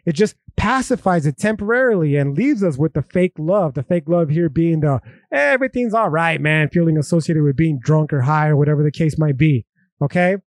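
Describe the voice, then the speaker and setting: A young man with a high voice holds forth on a podcast, swearing freely and leaning on slang as he argues his points. His voice sits close and dry on the mic, with no room sound around it. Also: fairly quick, a little mellow, dry recording. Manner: profane, slangy, emphatic. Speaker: podcast host. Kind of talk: casual philosophy podcast monologue.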